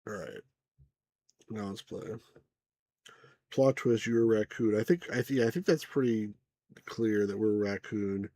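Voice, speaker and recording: Hosting a casual let's play, a man chats loosely in a laid-back way and mumbles asides to himself. His warm, fairly low voice moves a little slowly, with frequent pauses.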